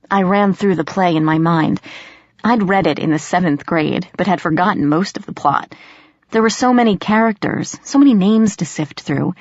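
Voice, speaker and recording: A woman narrating an audiobook in first person, expressive and storytelling. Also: lowish voice, moderate pace, no echo. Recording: dry, slightly dull audio.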